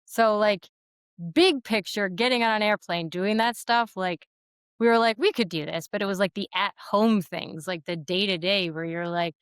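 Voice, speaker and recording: A woman in her thirties hosts a casual talk, expressive and quick to laugh. Her voice is smooth and clear at a middle pitch, recorded dry and close. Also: no room sound. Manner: expressive, laughs a lot, acts out quotes. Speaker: podcast host. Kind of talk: casual conversational interview.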